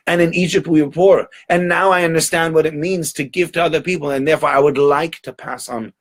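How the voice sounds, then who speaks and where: A man's voice: on the high side, steady tone, fairly quick. A man teaching through a story in an easygoing, conversational way. He talks in loose, chatty sentences with frequent fillers and restarts. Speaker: Torah teacher. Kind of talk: storytelling holiday talk.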